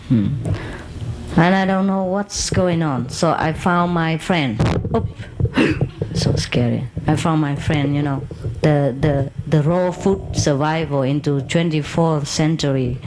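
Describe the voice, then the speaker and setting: In a slow, low-pitched voice over a noisy background, this spiritual teacher relates a lengthy personal tale to her listeners. Her English is broken and loose, she breaks into laughter frequently, and she performs the characters' lines as she goes.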